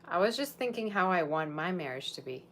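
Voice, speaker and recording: A woman's voice: on the low side, expressive, a little fast, a bit bright, slight background noise. A woman tarot reader chatting casually on a livestream, rambling and talking straight to her viewers.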